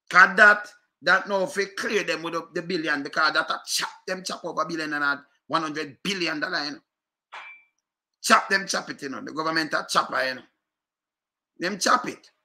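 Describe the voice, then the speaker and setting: A man with a Jamaican accent speaks in a bright, cutting tone, sitting a little higher than most men. He rants casually at his viewers, circling back over the same points and throwing out rhetorical questions. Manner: repetitive, fired-up, rhetorical questions. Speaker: commentator.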